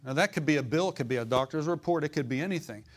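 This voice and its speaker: A man's voice: fairly high pitch, rapid-fire. A man preaching a sermon as pastor, folksy and fiery, calling out to the congregation for responses.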